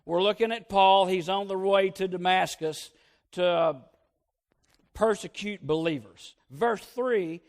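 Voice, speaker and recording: A man preaching a sermon as pastor, telling folksy stories and swinging between loud emphatic peaks and hushed asides. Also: sits high, measured pace.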